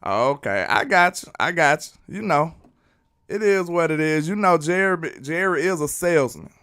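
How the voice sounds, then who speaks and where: A man from Alabama hosts a laid-back live sports stream, reading viewers' chat messages aloud and replying to them. His voice sits at a medium pitch and sounds smooth and slightly bright.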